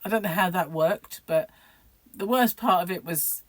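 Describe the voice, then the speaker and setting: A woman's voice: lowish voice, normal speed, no echo. A middle-aged woman vlogging about crochet in a rambling, chatty way, laughing often. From United Kingdom. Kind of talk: casual chat to camera.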